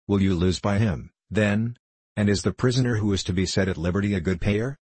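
Man reading a smooth, scheming audiobook bishop, low voice, dry booth sound. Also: fairly quick, a little mellow, no room sound. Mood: coaxing. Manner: polite, coaxing. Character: smooth, courteous male bishop, quietly scheming.

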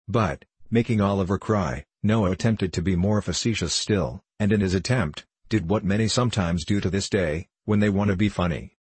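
A man reads a classic novel aloud with a very low, husky voice. His delivery is measured and formal, and the recording is close and dry. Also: darkish tone, dry recording. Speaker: narrator. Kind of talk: audiobook narration of a classic novel.

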